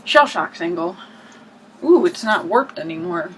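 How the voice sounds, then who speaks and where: A woman chatting casually to camera on a low-quality home video, rambling with hushed asides and mock-dramatic outbursts. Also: animated, unhurried, a little hiss or hum. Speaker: vlogger showing her record collection.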